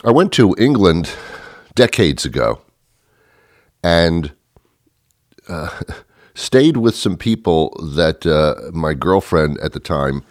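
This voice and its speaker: A middle-aged man with a very low, deep voice rambles through a comic monologue. He puts on mock outrage and chuckles at his own asides. The sound is dry and close, with no room around him. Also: big pitch swings, takes it slowly, pauses often, dry recording. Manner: mock-indignant, chuckling, meandering. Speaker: podcast host.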